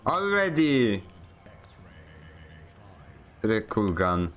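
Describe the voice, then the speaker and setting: A man with a lowish voice chats while he plays a game on stream. He rambles, pokes fun at himself and keeps stumbling into restarts mid-sentence. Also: moderate pace, faint music behind. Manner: joking, self-mocking. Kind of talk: casual chat while gaming.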